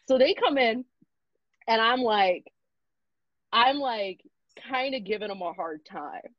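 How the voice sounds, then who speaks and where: A young woman comedian telling a story in a casual, profane, animated way and acting out the people in it. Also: a little high, takes it slowly, pauses often, dry recording. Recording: dull lo-fi sound.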